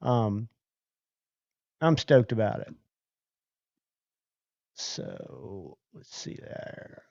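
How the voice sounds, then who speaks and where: Male streamer host, slow unhurried delivery, dark mellow tone, casual viewer chat. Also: lowish voice, sing-song, creaky, dry recording, lo-fi sound. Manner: chatty, thanks viewers by name. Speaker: livestream host.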